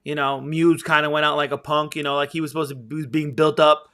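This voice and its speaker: A man with a higher, bright and forceful voice chats loosely on a podcast. He rambles, leaning on "you know" and other fillers as he goes. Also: level tone, fast. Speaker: podcast co-host. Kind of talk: casual chat.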